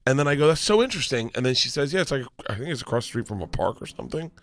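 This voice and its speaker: A man telling a story as a guest on a talk show, excitable and swearing, acting out the dialogue. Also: mid-range voice, rapid-fire, no room sound. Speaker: guest comedian. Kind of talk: animated storytelling.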